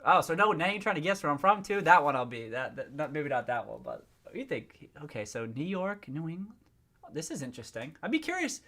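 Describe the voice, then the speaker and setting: A man with a slightly higher voice chats casually on a livestream, reading out viewer comments as they come in. He talks in a loose, playful way, laughs often and keeps breaking off and restarting sentences. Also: animated, fairly quick, sharp tone. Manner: reacts to and reads out viewer comments.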